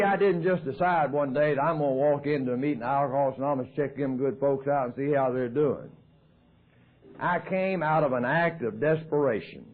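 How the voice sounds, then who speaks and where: Southern man, folksy joking AA speaker, mid-pitched voice, thin phone-like old tape recording. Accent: Southern American. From American South. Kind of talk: recovery talk at a meeting. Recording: tinny lo-fi 1990s tape.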